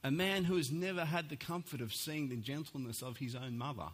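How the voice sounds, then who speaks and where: A man's voice: a little high, brisk, slightly rough. A man, preaching a sermon and telling a story with acted-out voices. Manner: animated storytelling, acts out voices. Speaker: pastor.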